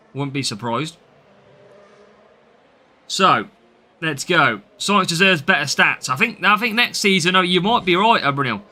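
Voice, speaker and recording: Bright-voiced Midlands man streaming a game. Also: a little high. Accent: English Midlands. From English Midlands. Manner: chatty, reads out and answers viewer names. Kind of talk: live game commentary.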